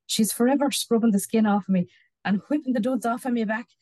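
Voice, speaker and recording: A woman's voice: on the high side, fast talker, a little mellow, no echo, voice pushed up, close to an everyday voice. An Irish woman reading aloud, voicing a small, meek country man who complains about his wife. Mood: wheedling.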